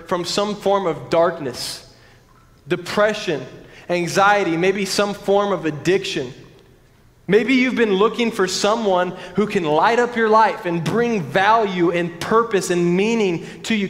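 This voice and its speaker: High-voiced pastor preaching. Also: male voice, a bit bright. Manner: earnest, conversational preaching with repeated restarts. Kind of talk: sermon. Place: large church sanctuary. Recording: long church-hall reverb.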